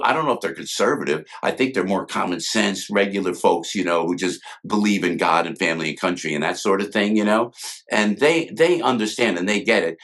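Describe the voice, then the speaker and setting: An older man, a guest, telling stories in an animated way and acting out quotes, with many quick restarts. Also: lowish voice, gravelly. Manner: talks fast with many restarts and acted-out quotes. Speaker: guest, former sketch comedy cast member. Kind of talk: animated storytelling with impressions.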